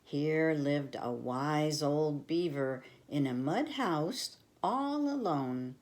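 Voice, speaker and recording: An older woman reading a storybook aloud to children, affectionate and expressive. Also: low-pitched, slow pace.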